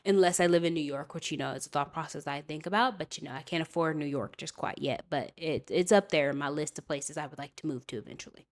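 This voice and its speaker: A woman's voice: low voice, fast, hardly any pauses. A young adult woman hosting a podcast, telling a long story in a chatty, digressive way and often checking in with "okay?". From California. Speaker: podcast host. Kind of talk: casual storytelling rant.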